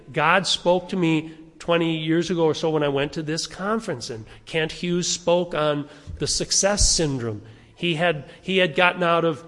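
An older man, a pastor preaching a sermon in a conversational way, asking the congregation questions. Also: a little high. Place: church sanctuary. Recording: long reverb of a church hall.

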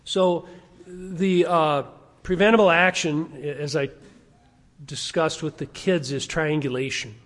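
A man's voice: fairly high pitch, fairly even intonation, slow pace, a bit bright. A man preaching a sermon as pastor, speaking emphatically and stacking rhetorical questions. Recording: long reverb of a large hall.

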